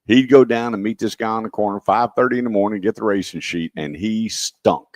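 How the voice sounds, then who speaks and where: A man hosting a radio show, telling stories with lively quoted voices. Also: on the low side, a little fast, dry recording, studio quality. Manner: animated storyteller, acts out quotes. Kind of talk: casual radio chat.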